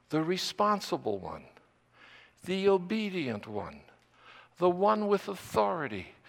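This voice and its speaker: An older man preaching a sermon slowly and deliberately, repeating phrases for emphasis. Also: sits high, gravelly, fairly bright tone, long reverb tail.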